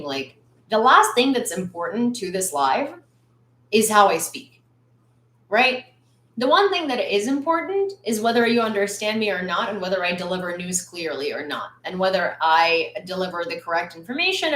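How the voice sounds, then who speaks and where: A woman's voice: mid-range voice, big pitch swings, normal speed, a bit bright. Chatty woman hosting a livestream, roomy echo. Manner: chatty, many "like" fillers; blunt, exasperated lecturing. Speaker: livestream news host. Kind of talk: casual livestream chat. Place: room at home.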